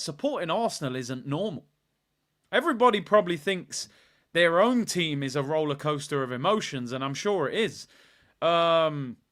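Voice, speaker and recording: A young man, hosting a live football watchalong and chatting in a rambling, playful way. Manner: animated, rambling, playful, bursts into high shouts. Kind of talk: casual live-stream chat.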